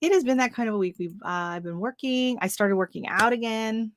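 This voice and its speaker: A woman's voice: fairly high pitch, brisk, no echo. A woman in her thirties from Canada hosting a casual gardening livestream, telling stories with lots of fillers and frequent laughs into a webcam at home. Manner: chatty storyteller, laughs often, many fillers. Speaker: gardening channel host.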